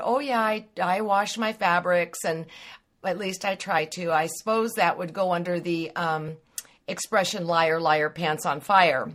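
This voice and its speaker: A middle-aged woman hosting a quilting podcast, telling a story in a chatty, animated way and laughing along the way. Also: fairly low pitch. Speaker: podcast host. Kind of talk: casual storytelling monologue.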